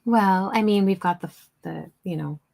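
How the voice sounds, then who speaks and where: A woman co-hosting a live spirituality stream, musing in a relaxed way with lots of fillers. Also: on the low side, normal speed, vocal fry, dry recording. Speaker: co-host. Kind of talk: casual live-stream chat.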